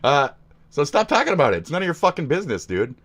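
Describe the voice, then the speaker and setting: A man's voice: fairly high pitch, very animated, quick pace. Angry cursing streamer man. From United States. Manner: profane, insulting, often yelling. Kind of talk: angry reaction rant.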